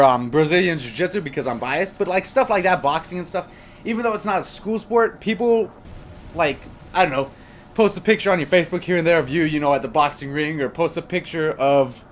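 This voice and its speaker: Young male gaming commentator, slightly high voice, loose and rambling, faint hiss behind him. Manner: rambling and chatty, with many fillers. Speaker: gaming commentator answering viewer questions. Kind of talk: casual gameplay commentary chat. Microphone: desktop USB microphone.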